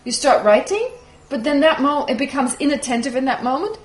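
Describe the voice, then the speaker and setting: Lively high-pitched woman teaching in a roomy hall. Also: brisk. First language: German. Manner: lively, laughing, explanatory. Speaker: Buddhist teacher. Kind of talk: teaching with audience Q&A. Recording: echoey room, faint noise.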